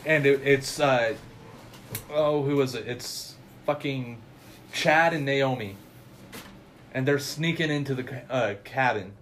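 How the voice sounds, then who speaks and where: A man's voice: medium pitch, takes it slowly, long pauses, a bit bright, a little hiss or hum. A man on a podcast, casually recapping a horror comedy in a rambling, swearing way and putting on voices for the characters. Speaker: podcast co-host. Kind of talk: casual movie recap chat. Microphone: audio podcast mic.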